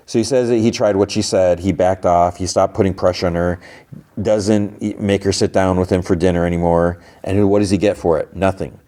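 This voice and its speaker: Low, mellow-voiced man recapping loosely. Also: fairly even intonation, fast. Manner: retells scenes loosely, quoting characters with filler and restarts. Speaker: podcast host. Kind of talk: casual episode recap.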